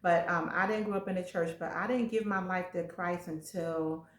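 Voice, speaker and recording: A woman's voice: on the low side, moderate pace. A woman guest speaking earnestly in a casual faith talk, sharing her own story. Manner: earnest, testimonial, speeds up when excited. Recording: echoey room.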